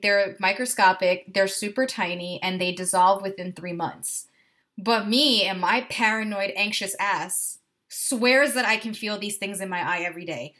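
Female podcast co-host, casual and profane, animated anxious storyteller, medium-pitched voice. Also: normal speed. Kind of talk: casual chat.

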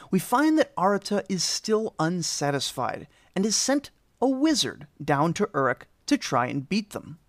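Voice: mid-range voice, no echo. Wry history storyteller, dry close sound. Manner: wry, dry humor with casual asides. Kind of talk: scripted storytelling narration.

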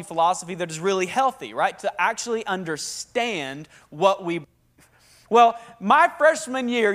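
A young man with a Southern accent preaching a lively, joking sermon to a congregation and prompting them to answer back. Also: sits high. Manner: talkative, energetic, joking. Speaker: pastor. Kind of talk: lively sermon with call-and-response. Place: church hall with a live congregation.

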